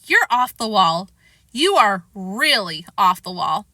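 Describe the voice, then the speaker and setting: An exasperated preteen big brother voiced by a woman with a bright, teasing, sarcastic lilt. His delivery is lively and dry. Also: mid-range voice, slow pace, no echo, heavily acted.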